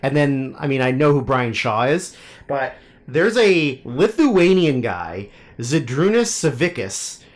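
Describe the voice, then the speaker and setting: A man's voice: mid-range voice, very animated, takes it slowly. Rambling, profane male podcast co-host. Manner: rambling, profane, laughs often. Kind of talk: casual banter.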